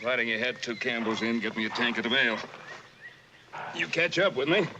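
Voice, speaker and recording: An actor playing a smug male slave owner who gives condescending orders in a slow drawl. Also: mid-range voice, background noise, lightly acted. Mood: commanding.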